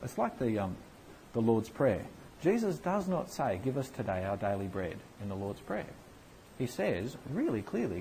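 A man preaching a conversational sermon and answering questions, with lively, animated emphasis. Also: medium pitch, moderate pace, a little hiss or hum, rough recording.

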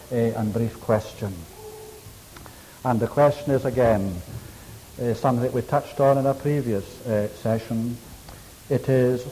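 A man's voice: mid-range voice, mellow, a little hiss or hum. Male preacher, sermon, emphatic, long echo of a large hall. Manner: emphatic, stresses key words with long pauses.

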